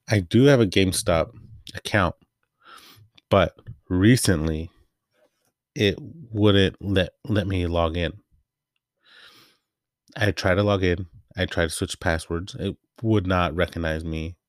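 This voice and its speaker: Casting: low-voiced male podcast host, loose and chatty, dry close sound. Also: steady tone, takes it slowly, pauses often, dry recording. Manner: rambling, laid-back storytelling with many fillers. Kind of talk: casual chat.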